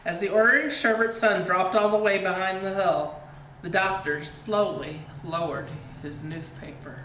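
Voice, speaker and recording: A woman reads a spooky children's book aloud at a slow, deliberate pace, leaning into the drama. Her voice is bright and forceful. The recording sounds distant and roomy, a little dull, with a faint hiss. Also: fairly low pitch. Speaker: reader. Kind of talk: storybook reading aloud.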